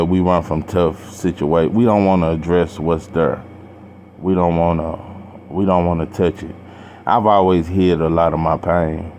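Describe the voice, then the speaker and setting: A very low-voiced man speaks to his viewers in a personal vlog. His talk is slow, heavy and halting, broken by sighs and casual slang. A faint hiss of noise sits under the recording. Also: darkish tone. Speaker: boxing channel vlogger.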